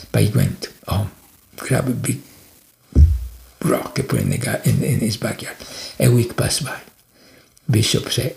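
A man from Italy, telling a story in an animated way, full of restarts. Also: mid-range voice, normal speed, creaky, echoey room. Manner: animated, with many restarts and fillers. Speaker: podcast guest.

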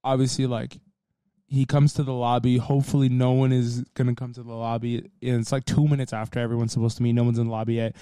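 A man with a mellow, warm voice talks in loose, casual podcast chat. He rambles, drops a lot of fillers and swears freely. The sound is dry and close, with no room around it. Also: medium pitch, little pitch movement, quick pace, clean tone, no echo. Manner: profane, rambling, laid-back. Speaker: podcast co-host.

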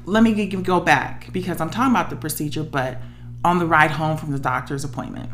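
A woman's voice: sits low, brisk, a bit bright, faint music behind. A woman on the verge of tears, telling a personal story in an emotional, emphatic way as a podcast co-host. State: close to tears.

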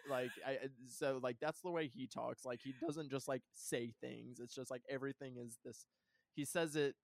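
A man's voice: mid-range voice, dry recording, clean studio sound. A man chatting casually about a film with a co-host, full of fillers and laughing often. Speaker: podcast co-host.

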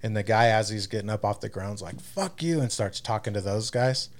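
Laid-back low-voiced podcast guy. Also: fairly quick. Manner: laid-back, profane, animated retelling. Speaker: podcast co-host. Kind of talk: casual chat, storytelling.

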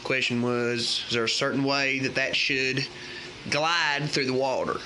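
Man doing a folksy country fishing guide, put-on Southern accent, hammy, bright voice. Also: mid-range voice, little pitch movement, measured pace, slight background noise.

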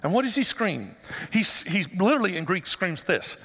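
A male pastor giving an animated sermon in a church sanctuary and asking the congregation rhetorical questions. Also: high-pitched, brisk, breathy edge. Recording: long hall reverb.

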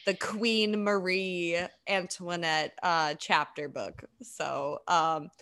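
A woman's voice: on the low side, fairly even intonation, slow, a bit bright. A woman co-hosting a podcast in casual chat, rambling and laughing often. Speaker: podcast co-host.

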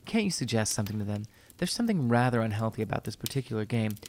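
A man voicing a kind older woman in a spoken story, talking softly in a near-whisper. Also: fairly low pitch, very animated, rapid-fire, slight background noise. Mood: uneasy. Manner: soft, whispery. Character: kindly older woman, gentle, uneasy.

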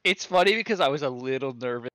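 A man's voice: mid-range voice, lively intonation, fast talker, a loud crowd. A man co-hosting a casual movie podcast, laid-back, mostly giving short agreeing replies. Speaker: podcast co-host.

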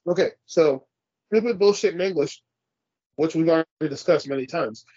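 A man's voice: a little high, moderate pace, darkish tone, breathy edge, dry recording, dull audio. A man co-hosting a casual podcast, ranting and swearing as he argues his point. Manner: profane, ranting, argumentative. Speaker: podcast co-host.

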